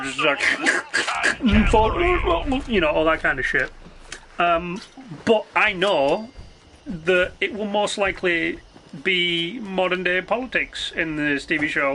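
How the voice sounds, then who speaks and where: A man's voice: sits high, sharp tone, a little hiss or hum. A man ranting casually on a live game stream, swearing freely, rambling and restarting his sentences. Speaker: gaming streamer.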